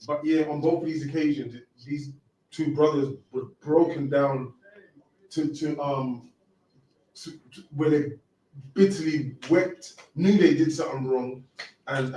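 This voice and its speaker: A man's voice: on the high side, measured pace, dark tone. A man joining a Bible discussion in a hesitant way, searching for his words as he speaks. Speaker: class participant. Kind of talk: casual discussion. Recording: distant, roomy recording with faint hum.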